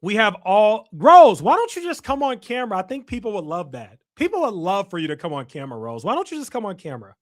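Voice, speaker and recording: This young Chicago livestreamer reads out comments and playfully trash-talks his chat. His high voice is very animated, and he talks fast with few pauses.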